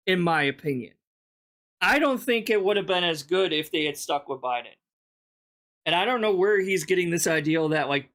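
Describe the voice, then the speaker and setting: A reaction host talks over a clip in a casual, mid-pitched voice. The tone is exasperated and sarcastic, with plenty of swearing. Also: fairly bright tone.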